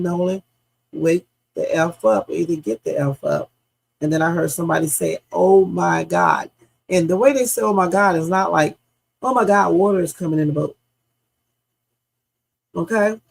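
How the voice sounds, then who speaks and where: A woman hosts a live reaction stream with a gravelly edge to her voice. She fires question after question at her chat, heated and blunt, and curses without holding back. The tone stays husky throughout. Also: fairly low pitch. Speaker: livestream host.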